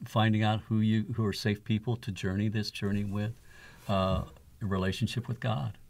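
A man's voice: on the low side, level tone, normal speed, vocal fry. A man speaking as an interview guest, an author and father sharing his experiences in an earnest, reflective way. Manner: earnest, reflective, with soft laughs. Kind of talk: conversational interview storytelling.

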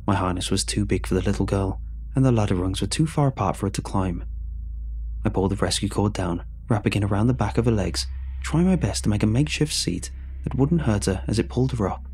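A man reading a horror story aloud in a measured, somber way. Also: on the low side, darkish tone. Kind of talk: scripted horror narration.

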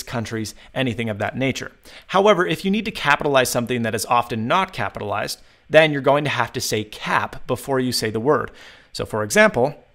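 A young man hosting a tech tutorial. He explains phone dictation in an upbeat way and spells out the commands slowly. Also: medium pitch, fairly bright tone. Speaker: tech video host.

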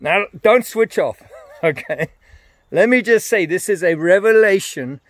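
Earnest older man preaching, fairly high voice. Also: expressive, a little slow. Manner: earnest, emphatic, repeats phrases. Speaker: evangelist. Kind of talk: evangelistic message to camera.

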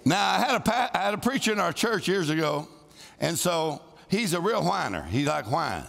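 A man preaching a lively sermon to a congregation, calling for responses and shouting scripture. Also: a little high, normal speed, vocal fry. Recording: live sermon in a large hall with long reverb.

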